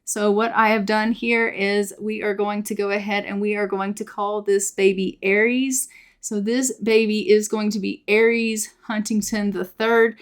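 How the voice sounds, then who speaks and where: A woman's voice: mid-range voice, little pitch movement, a little slow, smooth. A woman hosting a let's play, narrating a life-sim game in a chatty, upbeat way. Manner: chatty, upbeat, repeats filler phrases. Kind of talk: casual gameplay narration.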